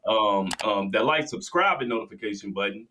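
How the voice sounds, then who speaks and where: A man's voice: lowish voice, animated, fairly quick, noisy background. A man co-hosting a casual sports talk podcast, laid-back and slangy. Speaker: podcast co-host.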